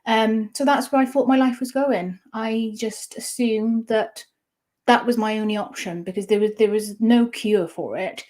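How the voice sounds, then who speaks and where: A woman in her thirties, an interview guest candidly telling a personal story, halting with frequent restarts. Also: fairly high pitch, steady tone, darkish tone.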